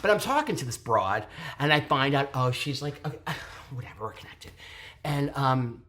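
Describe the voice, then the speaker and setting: Lively, gushing theatre reviewer. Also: medium pitch, normal speed, a little hiss or hum. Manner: animated, gushing, digressive, theatrical asides. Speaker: theatre reviewer hosting own channel. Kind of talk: casual chatty show review.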